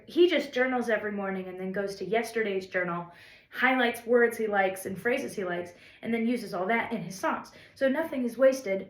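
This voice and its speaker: A fairly high-voiced woman chats to the camera about making things, rambling and encouraging with some self-deprecating asides. Her voice rings around a roomy, echoey space. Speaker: songwriter vlogger. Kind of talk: casual reflective talk to camera.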